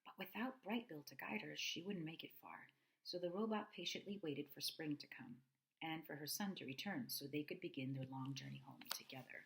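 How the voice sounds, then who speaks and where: A woman reading a children's novel aloud, expressive, with asides to her listeners. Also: low-pitched, a little fast, vocal fry, poor audio. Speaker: reader.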